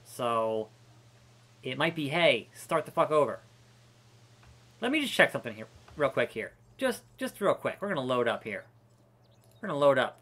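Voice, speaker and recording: A man's voice: mid-range voice, very animated, normal speed, long pauses, a bit bright, husky. A man streaming a park-building game, ranting profanely and exasperated with many restarts. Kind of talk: casual gameplay commentary.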